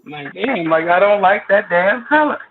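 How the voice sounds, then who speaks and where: A man's voice: high voice, expressive, normal speed. Laid-back man on a tinny line. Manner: laid-back, colloquial, short agreeing replies. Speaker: co-host. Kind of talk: casual chat. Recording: tinny phone-like line with faint noise.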